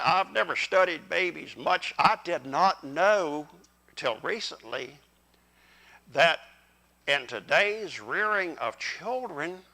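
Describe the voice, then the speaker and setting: A man's voice: high voice, gravelly, bright, forceful tone, poor audio. An older man preaching a sermon in church, in a folksy style, talking directly to the congregation. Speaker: pastor. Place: church sanctuary.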